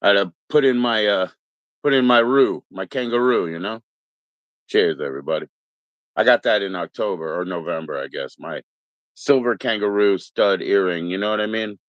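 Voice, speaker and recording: A man's voice: lowish voice, normal speed, a bit bright, no room sound, dull audio. Laid-back rambling man streaming live. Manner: rambling, laid-back, greets chat members, mock Aussie slang. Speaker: livestream host. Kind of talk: casual live-stream chat with viewers.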